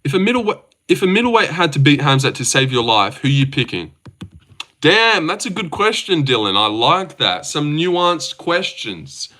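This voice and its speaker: A man's voice: fairly high pitch, big pitch swings, normal speed, sharp tone. A young Australian man hosting a casual livestream, rambling, joking and swearing as he answers his chat. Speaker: livestream host.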